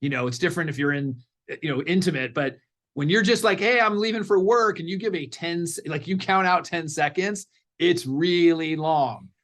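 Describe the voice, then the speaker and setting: A middle-aged man, a parenting coach guest in a podcast interview, telling stories in an animated way and acting out what people said. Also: a little high, normal speed. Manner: animated storyteller, acts out quotes.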